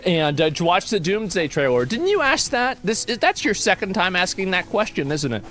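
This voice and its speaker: A man's voice: sits high, expressive, fairly quick, fairly bright tone, faint music behind. A man casually chatting on a livestream, reading posts aloud and answering chat in a rambling, mocking, profane way. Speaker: streamer.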